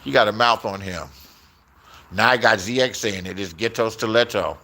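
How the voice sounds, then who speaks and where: A man's voice: lowish voice, moderate pace, sharp tone. A man telling stories in a casual, rambling rant, swearing a lot and repeating his phrases.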